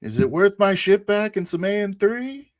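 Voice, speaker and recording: A man playing a brash spacer who threatens and bargains loudly. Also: high voice, very animated, very slow, no room sound, studio quality, voice pushed up, heavily acted. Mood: bargaining. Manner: loud, threatening, taunting.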